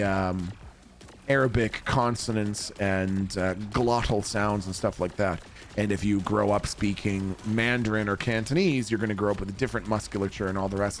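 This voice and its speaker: A man's voice: on the low side, a little hiss or hum. A man, rambling and chatting casually with viewers during a game stream, swearing now and then. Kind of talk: casual chat with viewers while gaming.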